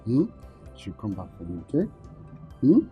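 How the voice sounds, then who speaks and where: An actor with a Nigerian accent playing a gentle father, softly coaxing and soothing a crying child. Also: on the low side, very animated, normal speed, slightly rough, soft background music, full character voice. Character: gentle father comforting his daughter. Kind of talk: Nollywood film acting.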